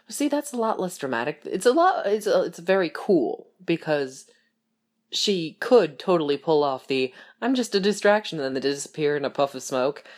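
Young woman, low, very expressive pitch, rambling fan chat, slips into quick voices for quoted lines. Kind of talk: casual fan chat about a TV show.

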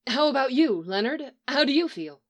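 A woman reading aloud, voicing a gentle young woman who speaks softly. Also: high voice, very animated, normal speed, voice pushed up.

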